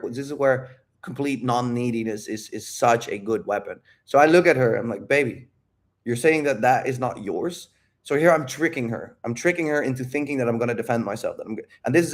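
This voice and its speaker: A man coaching on dating in a live Q&A, talking casually with lots of swearing, tangents and self-interruptions. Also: medium pitch. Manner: profane, animated, rambling with self-interruptions. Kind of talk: casual livestream talk.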